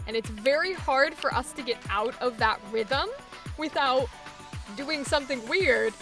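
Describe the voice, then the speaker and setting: A woman voice acting coach explaining technique in an animated way, laughing often. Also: high-pitched, a little slow, over music. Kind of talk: coaching session.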